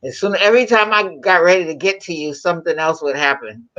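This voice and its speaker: A woman's voice: fairly low pitch, fast, fairly bright tone, muffled recording. A woman from New York, a talk show guest, chatting casually and laughing over a video call. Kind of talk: casual interview chat.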